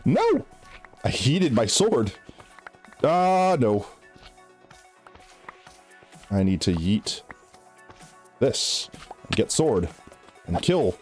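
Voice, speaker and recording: A man's voice: lowish voice, very animated, very slow, pauses often, a little mellow, soft background music. A male streamer chatting casually with his viewers while gaming, rambling, restarting his sentences and breaking into giggles. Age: adult.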